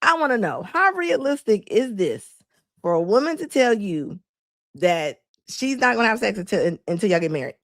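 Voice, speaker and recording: A woman commenting live to her chat, animated and laughing often as she mocks the people she quotes. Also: mid-range voice, moderate pace, dry recording, studio quality. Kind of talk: reaction stream talking to chat.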